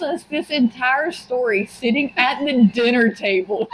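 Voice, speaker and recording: Woman, young adult, casual podcast chat, detailed animated storytelling, higher pitch. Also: a little slow, slight background noise, low-quality recording. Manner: detailed, animated storyteller who laughs often. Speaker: podcast co-host.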